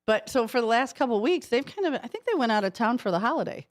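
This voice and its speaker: A woman's voice: a little high, fast, no echo. A woman co-hosting a morning radio show in a studio, chatting and telling playful little stories. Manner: playful storytelling, chatty and animated. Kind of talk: casual morning radio chat. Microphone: studio microphone.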